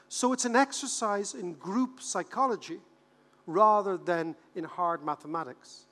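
Irish male keynote speaker, 50s, higher-pitched and joking, in a reverberant hall. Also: measured pace. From Ireland. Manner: animated, joking storyteller who repeats words for effect. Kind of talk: conference keynote speech.

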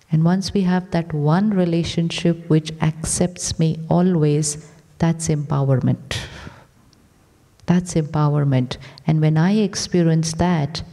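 Calm woman teaching meditation on stage. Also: fairly low pitch. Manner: short repeated commands, rhetorical questions. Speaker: spiritual teacher. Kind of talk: inspirational talk on stage. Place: large theatre. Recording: long theatre reverb.

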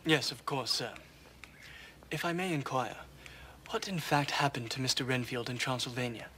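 An actor playing a frightened but resolute young clerk in a film scene. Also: male voice, mid-range voice, moderate pace, bright, forceful tone, natural voice. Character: shaken young English clerk, fearful then resolute. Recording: noisy film clip with ambience.

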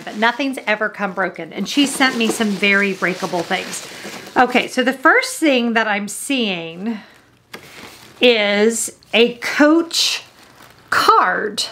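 A woman's voice: on the high side, noisy background. A woman hosting a casual unboxing vlog, chatting with her viewers in an upbeat way while sitting on her home office floor. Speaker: host.

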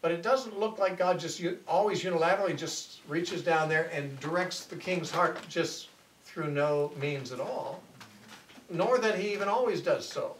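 A man's voice: a little high, normal speed. Conversational male Bible teacher, echoey hall. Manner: conversational, corrects himself mid-sentence. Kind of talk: lecture retelling a scripture story. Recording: echoey room, voice from far off, faint noise.

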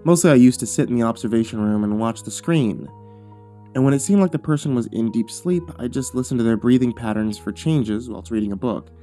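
Man narrating a horror story over soft music. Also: mid-range voice, fairly quick. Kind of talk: scripted first-person horror narration.

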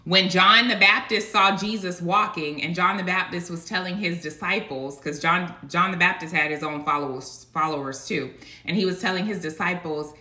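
A woman's voice: lowish voice, normal speed, sharp tone. A woman preaching a casual devotional message, emphatic and colloquial, with rhetorical asides. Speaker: online preacher. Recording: echoey room.

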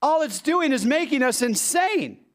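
A male pastor preaching a sermon in an animated way, with rhetorical questions and sudden drops into low, quiet emphasis. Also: a little slow.

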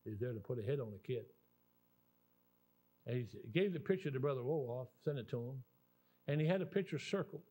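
A man's voice: medium pitch, a little fast, long pauses. A man in his sixties with a Southern US accent, preaching a sermon as a guest preacher and telling stories in a folksy, rambling way. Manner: folksy, animated storytelling with rambling restarts.

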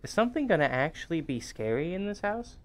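A man's voice: on the high side, big pitch swings, fast talker. A man hosting a gaming channel, giving chatty, rambling commentary as he plays, laughing often. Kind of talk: casual game commentary.

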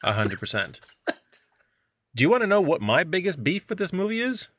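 A man's voice: high-pitched, big pitch swings, moderate pace, a bit bright, a little hiss or hum. A man co-hosting a movie podcast, talking casually and sarcastically and acting out quotes in mocking voices. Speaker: podcast co-host. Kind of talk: casual movie review chat.

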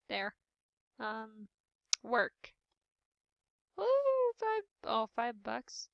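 A tired young woman giving hushed, rambling, offhand commentary while playing a game at home. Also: a little high, gravelly, no room sound, muffled recording. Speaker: gameplay narrator. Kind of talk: casual let's-play commentary. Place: home room with roommates nearby.

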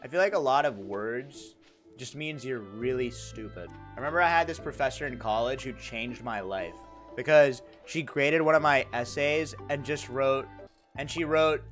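A man's voice: medium pitch, a bit bright. A young man livestreaming a farming game, chatting casually and jokingly with his chat, rambling and reacting to messages.

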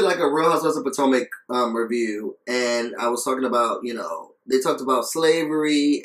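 In poor audio from an echoey room, a man with a medium-pitched voice gives a casual vlog review as a video reviewer. He sounds earnest, repeating points for emphasis and coughing in between phrases.

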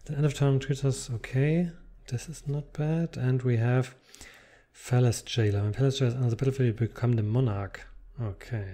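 A man's voice: mid-range voice, fairly even intonation, normal speed, warm tone. A man casually commenting while unboxing trading cards, reading card text aloud between muttered asides.

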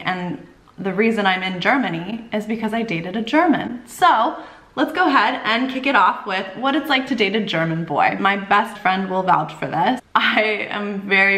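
A young woman with an American accent talks casually to her camera, leaning on repeated words for emphasis. Her voice sits at an ordinary middle pitch. The room around her sounds noticeably echoey. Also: fairly bright tone. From United States. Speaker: vlogger.

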